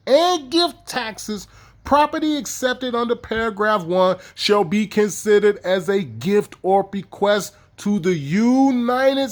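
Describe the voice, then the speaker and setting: An irate man, reading legal text aloud and ranting profanely, repeating his points with heavy emphasis. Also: sits high. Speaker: online video host.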